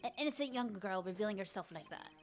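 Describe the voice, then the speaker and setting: A woman voicing a grouchy, scolding old man as she reads video game dialogue aloud in a gruff, indignant rant. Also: medium pitch, expressive, fast, slight background noise, natural voice.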